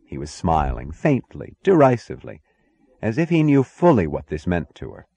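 A man narrating an audiobook in a measured, expressive reading style. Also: fairly low pitch, gravelly, breathy edge, dry recording. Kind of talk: scripted narration.

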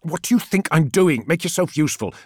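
A man's voice: a little high, expressive, brisk, a little mellow, slightly rough, no room sound, pitched above the performer's own voice. A man voicing a cool, arrogant male pilot in an audiobook, speaking in a dry, curt, condescending way. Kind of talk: audiobook character voice.

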